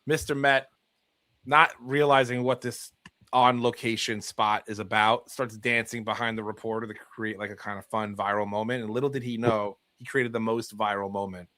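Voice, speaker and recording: A man's voice: lowish voice, steady tone, moderate pace, pushed and bright, no echo. A man co-hosting a casual podcast, telling stories in a laid-back, chuckling way. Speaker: podcast co-host.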